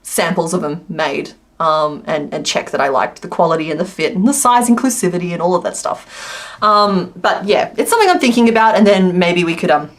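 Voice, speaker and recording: Chatty woman streamer. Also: fairly low pitch. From Australia. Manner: chatty, rambling, laughs often. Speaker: crochet streamer. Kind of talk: casual livestream chat.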